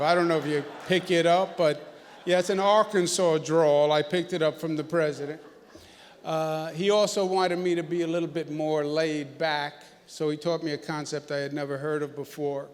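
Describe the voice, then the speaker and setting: A man's voice: a little high, steady tone, moderate pace, a little hiss or hum. A man giving a speech at a ceremony, joking and emphatic. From New York. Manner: joking, then emphatic and forceful. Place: large banquet hall. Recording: echoey hall.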